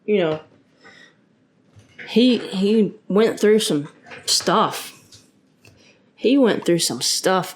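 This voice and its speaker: A woman with a slightly low, somewhat mellow voice hosts her own podcast, speaking casually and earnestly about faith. She rambles, often restarting and using fillers, and she's the parent of a young son.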